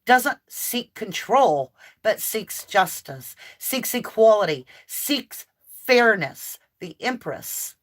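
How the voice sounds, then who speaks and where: A woman doing an impassioned tarot reading to camera, emphatic and near yelling at times, with chatty asides to her viewers. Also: medium pitch, big pitch swings, slow. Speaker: tarot reader and channel host.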